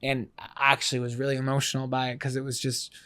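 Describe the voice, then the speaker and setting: Animated man co-hosting a podcast. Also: mid-range voice, fast talker, dry recording. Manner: animated, breezy, lots of fillers. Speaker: podcast co-host. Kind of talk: casual podcast chat.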